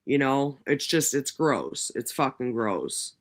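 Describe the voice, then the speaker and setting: A woman hosting a casual livestream from home, ranting in an animated, profane way. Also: very deep voice, takes it slowly. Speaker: livestream host.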